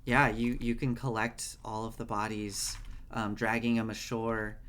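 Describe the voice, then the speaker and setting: A man narrating a tabletop game as game master, relaxed, with many fillers. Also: on the low side, a little slow.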